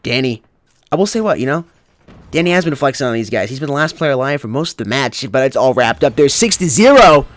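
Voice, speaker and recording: A young man calling a mobile esports match with excited play-by-play commentary and frequent exclamations. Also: mid-range voice, fast talker. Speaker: esports caster.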